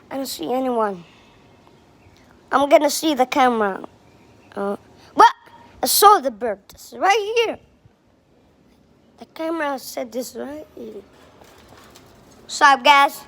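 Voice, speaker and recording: Woman, excitable toy-play narration, lively swooping voice, unhurried. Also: sits high. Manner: excitable, exclaiming, drawn-out words. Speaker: video maker playing with toys.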